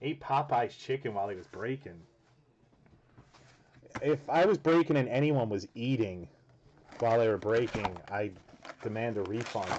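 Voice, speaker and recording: The audio is dull and lo-fi with faint noise, capturing a man hosting a card break. His medium-pitched voice is a little mellow, moving at normal speed with frequent pauses, as he rambles, jokes, and swears freely while opening cards.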